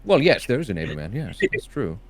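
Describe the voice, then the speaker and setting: A man playing in a tabletop game, speaking in a dry, measured way. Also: lowish voice, very animated, no room sound. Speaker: player. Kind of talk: tabletop role-play chat.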